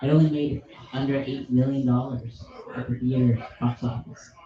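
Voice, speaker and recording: A man's voice: medium pitch, flat delivery, moderate pace. A man hosting a casual pub podcast, chatting enthusiastically and rambling about movies with a ready laugh. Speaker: podcast host. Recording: echoey room, distant mic, dull sound.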